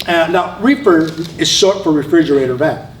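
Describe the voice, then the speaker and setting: A man's voice: a little high, normal speed, slight background noise. A man, an Army veteran, telling a story live on stage in a conversational way, with frequent fillers and restarts. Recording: roomy sound from a distant mic.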